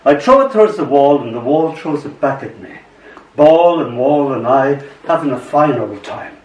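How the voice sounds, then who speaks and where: An older man reading his own poems aloud at a live bookshop event, in a soft storytelling way. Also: on the high side, lively intonation, moderate pace. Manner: soft, storytelling delivery with acted voices. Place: small bookshop, indoors. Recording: roomy bookshop sound from a distance.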